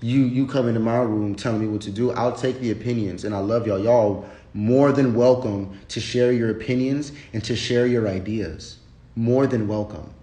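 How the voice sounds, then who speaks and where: A man's voice: medium pitch, moderate pace, warm tone. Blunt, profane man ranting on a stream. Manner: blunt, profane, rambling with restarts. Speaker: livestream host. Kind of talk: casual unscripted livestream rant. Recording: roomy echo.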